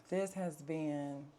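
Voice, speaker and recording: A woman's voice: sits low, dark tone, slight background noise. A woman, talking candidly to camera at home in a chatty, earnest way with plenty of fillers. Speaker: vlogger. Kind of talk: candid life-update talk to camera.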